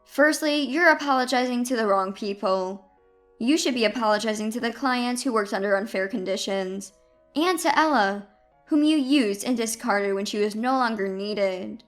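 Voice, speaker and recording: A woman voicing a calm, confident male lawyer who speaks amiably and firmly in a storybook drama. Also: fairly high pitch, normal speed, faint music behind, close to an everyday voice.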